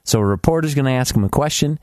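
A man hosting a comedy talk show, casual and halting, often restarting his sentences. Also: mid-range voice, lively intonation, a little mellow, no room sound. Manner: hesitant, halting, lots of restarts.

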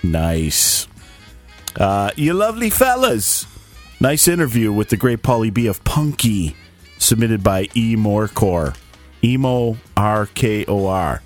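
A man's voice: on the low side, sing-song, slow, faint music behind. A man co-hosting a podcast, reading listener comments in casual chat, laughing and swearing freely. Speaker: podcast co-host.

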